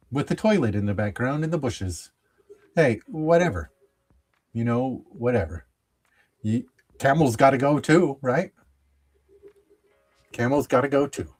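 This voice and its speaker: A middle-aged man hosting a card show in an easygoing, unhurried drawl. He breaks into chuckles at nearly everything and stumbles through fillers and restarts as he chats. His pitch sits at an ordinary middle height. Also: slightly rough. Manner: chuckles often, easily amused; halting, lots of fillers and restarts. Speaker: sports card show host. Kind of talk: casual pack-opening chat.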